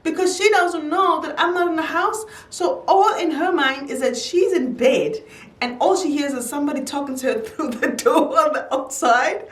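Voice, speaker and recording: A young woman tells a casual storytime with lots of energy, her voice sitting a bit high and leaping up whenever she quotes someone. She is a little off the mic, in a roomy space with a clear echo. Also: normal speed, distant mic. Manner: animated storyteller, jumps high when quoting. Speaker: YouTuber.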